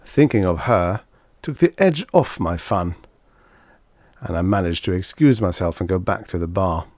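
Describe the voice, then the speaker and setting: A man's voice: low-pitched, lively intonation, normal speed, darkish tone, dry recording, studio quality. A man reading a novel aloud in a wry, sardonic first-person style. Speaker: audiobook narrator. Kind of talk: scripted audiobook narration.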